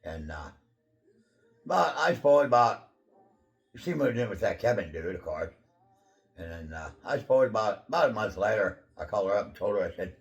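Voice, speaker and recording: A man hosting his own channel, telling a personal testimony in a casual, rambling way, full of fillers and throat clearing. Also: fairly low pitch, big pitch swings, normal speed, pauses often. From Pacific Northwest of the USA.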